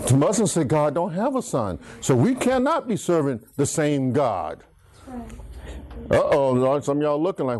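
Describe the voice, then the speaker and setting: A man's voice: very animated, moderate pace, a little mellow. A middle-aged man, teaching from the Bible as a pastor and having the congregation finish his lines. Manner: preachy, swings pitch, asks congregation to finish lines. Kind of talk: call-and-response Bible teaching.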